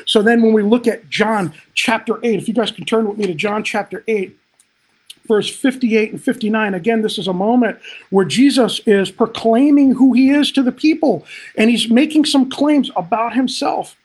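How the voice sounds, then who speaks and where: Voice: medium pitch, normal speed, darkish tone, breathy edge. A pastor preaching a livestreamed sermon, impassioned and direct, building to emphatic peaks and calling listeners to respond in the chat. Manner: frequent "man" interjections, direct address.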